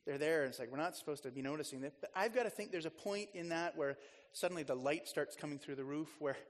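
A male pastor with a notably high voice delivers a relaxed, storytelling sermon full of asides and self-corrections. His words carry a long reverb, as if spoken in a large church sanctuary. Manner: chatty and storytelling, with frequent restarts and asides. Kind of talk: conversational sermon.

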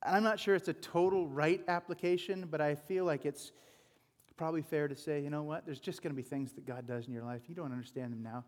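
A man's voice: a little high, fairly quick, big-room sound. A male pastor giving an informal, chatty sermon with conversational asides.

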